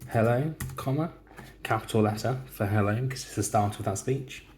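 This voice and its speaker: Male teacher, low-ish voice, slow and deliberate, dictates writing while typing, faint hiss behind. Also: a little mellow. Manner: slow, deliberate dictation, speaking punctuation aloud.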